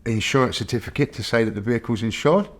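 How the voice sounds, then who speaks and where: A British man voicing a friendly, easygoing male yacht salesman with a breezy, reassuring manner, pitched higher than his own voice. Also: fast, close to an everyday voice.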